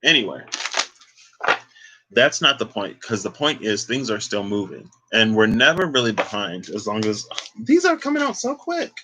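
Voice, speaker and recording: A man's voice: lowish voice, huge pitch swings, moderate pace, bright, forceful tone, a little hiss or hum, poor audio. A man doing a casual livestreamed tarot card reading, talking in a loose, chatty way with sassy asides.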